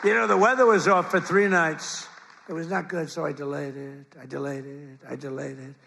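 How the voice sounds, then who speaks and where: A man's voice: fairly high pitch, steady tone, normal speed, vocal fry, bright, forceful tone. Older man rambling at a rally podium. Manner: rambling, repetitive, boastful asides. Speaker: politician giving a rally speech. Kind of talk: campaign rally speech. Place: large event hall with crowd. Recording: live rally with crowd noise. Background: crowd and ambient noise.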